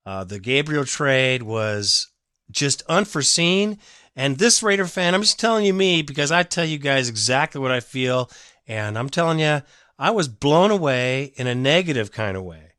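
A man's voice: medium pitch, expressive, moderate pace, sharp tone, smooth, no echo, studio quality. A man hosting a fan sports podcast, talking bluntly and emotionally in a rambling, opinionated way. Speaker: podcast host.

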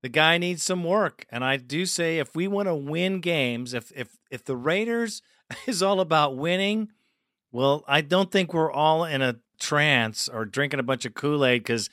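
A man hosting a sports fan call-in show, excitable, often laughing and calling callers brother. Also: on the high side, measured pace, no room sound, clean studio sound. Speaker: podcast host.

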